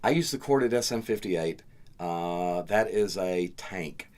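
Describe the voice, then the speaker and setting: A man with a Southern US accent hosting a casual podcast chat, animated and joking as he explains things. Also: low-pitched, slow pace. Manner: animated, joking, acts out stories. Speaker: podcast host and karaoke KJ.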